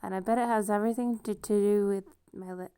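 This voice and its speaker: A woman's voice: medium pitch, fairly even intonation, fast talker, warm tone, clean tone, no echo, clean studio sound. A woman with a noticeable accent talking casually to camera, rambling and self-deprecating, laughing often as she goes. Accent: noticeable non-standard accent. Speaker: vlogger. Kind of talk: casual personal monologue.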